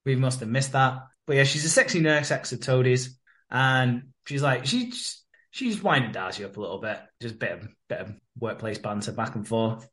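A man's voice: medium pitch, lively intonation, moderate pace, a bit bright. Guy on a podcast, chatty soap recap, swears a lot and laughs. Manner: laughs often, swears, acts out the characters' lines. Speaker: podcast co-host. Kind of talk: casual chat recapping a soap episode.

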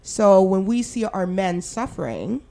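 Canadian woman co-host, young adult, casual candid chat, medium pitch, stretches words for emphasis. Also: big pitch swings, unhurried, creaky, warm tone. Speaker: podcast co-host.

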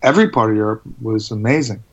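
A man telling stories in a casual interview, laughing often and animated. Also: fairly low pitch, fast, lo-fi sound. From United States. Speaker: interview guest.

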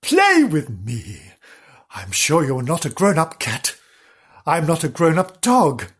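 A friendly little puppy from a storybook, speaking slowly and earnestly in a lowered voice, as a woman puts him on. The tone is husky and unhurried. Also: wildly swooping pitch, exaggerated voice. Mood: eager. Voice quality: slow, low and earnest. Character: eager friendly young male puppy.

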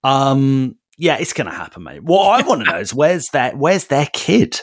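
A man's voice: medium pitch, big pitch swings, normal speed, no room sound. A man co-hosting a podcast in casual chat, rambling and enthusiastic on a close mic. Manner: rambling, enthusiastic, with frequent restarts. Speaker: podcast co-host.

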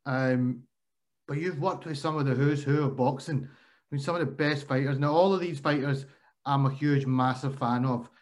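A man's voice: mid-range voice, moderate pace. A man interviewing a guest in a casual, jokey and enthusiastic way.

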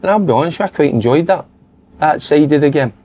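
A man's voice: fairly high pitch, expressive, fast, a little mellow. A man with a Scottish accent, a former footballer, chatting candidly and reflectively as a podcast pundit. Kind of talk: casual football chat.

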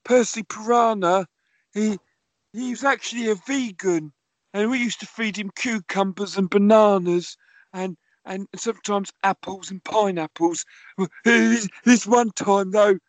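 Playful man, mid-pitched and dry, quick with absurd tales. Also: no echo. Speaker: comedy podcast co-host. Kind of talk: improvised comedy chat.

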